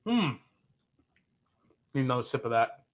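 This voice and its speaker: A man's voice: mid-range voice, very animated, unhurried, muffled recording. A man hosting a live whiskey-tasting stream, joking, swearing and reading out viewer comments. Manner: jokey and profane, reading chat comments aloud. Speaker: show host.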